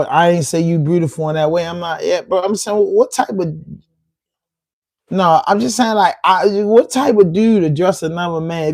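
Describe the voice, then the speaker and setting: A man's voice: fairly high pitch, a little mellow, no room sound. A man with a Baltimore accent hosting a podcast live stream, talking casually and trading rhyming insults with trolls. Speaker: podcast host.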